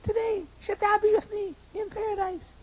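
A man voicing a sneering mocker at the cross, repeating the dying man's words back in a high, jeering, drawn-out voice. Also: level tone, muffled recording. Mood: mocking.

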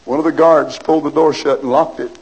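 Male preacher, fairly high voice, dramatic sermon storyteller. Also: steady tone, quick pace, creaky, darkish tone, husky, rough recording. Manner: dramatic storytelling, urgent appeals.

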